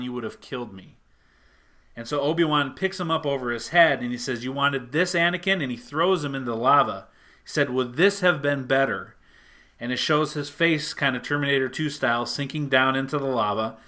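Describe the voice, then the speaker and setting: Bright-voiced man retelling a comic story. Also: mid-range voice. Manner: animated storyteller, acts out lines.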